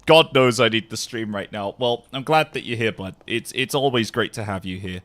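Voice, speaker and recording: A man chatting casually with his livestream viewers, jet-lagged, animated, swearing freely and laughing often. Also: lowish voice, normal speed. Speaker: live streamer.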